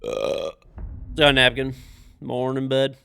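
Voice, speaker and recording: A man's voice: mid-range voice, animated, slow, gravelly, bright, forceful tone, slight background noise. A young man live-streaming a game from home, rambling casually and swearing, with lots of "like" in his speech. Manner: rambling and profane, full of "like". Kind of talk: casual live-stream chat while gaming.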